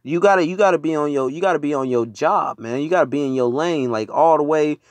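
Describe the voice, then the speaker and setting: A man preaches in a loose, conversational way, reading scripture aloud and then riffing on it in slang, dropping "man" after almost every thought. His voice sits a little high for a man. The sound is dry and close, as if recorded on a phone. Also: fast, no room sound. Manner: casual, street-slang preaching, repeats "man" often. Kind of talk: informal sermon with scripture reading. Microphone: phone screen recording.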